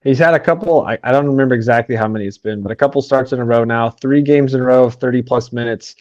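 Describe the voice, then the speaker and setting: A man from the talks sports in a quick, rambling podcast chat, piling up fillers as he goes. His voice sounds dry and a little dull. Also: medium pitch, darkish tone, no room sound. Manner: quick, run-on talk with many "um"s.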